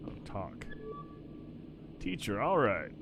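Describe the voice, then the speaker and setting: A man's voice: lowish voice, sing-song, slow pace, creaky, noisy background. A man chatting casually and reading game lines aloud as he streams a video game, swearing now and then. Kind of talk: casual live-stream commentary. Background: game music.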